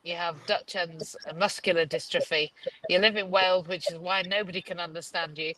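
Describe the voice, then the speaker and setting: A woman's voice: on the low side, steady tone, fairly quick, crowd noise, poor audio. A woman with a Yorkshire accent hosting a live video chat, gushing and rambling with many restarts, talking over a video call. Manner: rambling, effusive, restarts often. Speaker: host. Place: Dubai.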